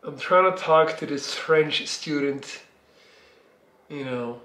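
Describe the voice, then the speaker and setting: A man's voice: a little high, slow, fairly bright tone, reverberant. Long-winded man telling a story. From Belgium. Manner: long-winded, rambling, swearing. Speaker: vlogger. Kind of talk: casual storytelling vlog. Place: living room.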